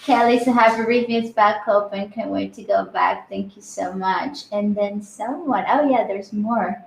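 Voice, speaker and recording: A woman hosting an interview, reading out viewer comments and gently affirming her guest. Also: medium pitch, measured pace, vocal fry, roomy sound, poor audio. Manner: gentle, affirming, soft backchannels. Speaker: host.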